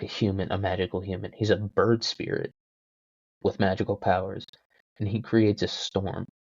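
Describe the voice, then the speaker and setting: A man hosting his own podcast, rambling through a story with jokes and self-deprecating asides. His low, mellow voice comes through a dull, lo-fi home mic with a very dry sound. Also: no echo. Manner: joking, self-deprecating, full of fillers. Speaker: podcast host.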